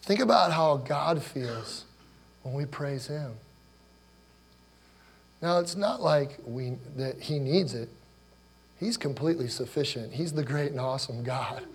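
A man's voice: a little high, animated, unhurried, pauses often, husky. A man in his forties, a pastor from Ohio, giving a conversational sermon built on personal stories and questions to the congregation. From Ohio, USA. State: choked up with emotion.

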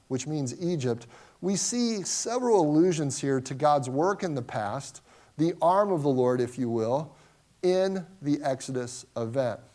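Earnest male Bible teacher, higher voice. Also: a little mellow. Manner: earnest, repeats and restarts words.

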